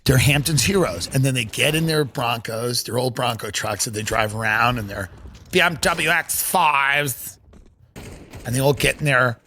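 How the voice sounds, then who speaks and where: At normal speed, a middle-aged man with a bright, forceful voice hosts a comedy podcast, swearing freely and swinging his pitch broadly. He riffs sarcastically and stages mock dialogue, with a little hiss or hum in the recording.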